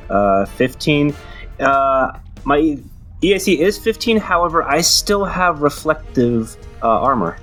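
A man at a tabletop game who cracks quick jokes. His voice sits high and swings widely, with faint music in the background. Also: sing-song, fairly bright tone. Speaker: player. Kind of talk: casual game table chat.

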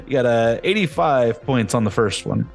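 A man's voice: mid-range voice, animated, normal speed, creaky, faint music behind. A man playing a tabletop game on a video call, easygoing and chuckling as he rolls. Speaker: player. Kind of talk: casual tabletop play.

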